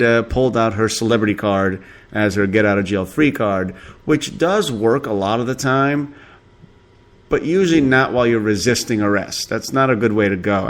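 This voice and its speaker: A man hosting a podcast, gossiping about celebrities with sarcastic, profane remarks and frequent chuckles. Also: lowish voice. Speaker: podcast host. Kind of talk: casual celebrity gossip commentary.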